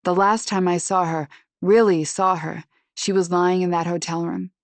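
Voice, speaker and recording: A woman reads a first-person suspense audiobook in a low, measured voice. She sounds tense and subdued throughout. The recording is close and dry, with no room sound. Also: fairly even intonation, no echo. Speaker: audiobook narrator.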